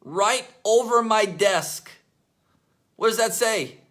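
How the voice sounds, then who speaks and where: Energetic and emphatic, a high-voiced man with a slight hoarseness coaches on camera from his office desk as a network marketing coach. In this motivational talk he repeats key points and fills pauses with "right?" and "okay?", and the room gives off a noticeable echo.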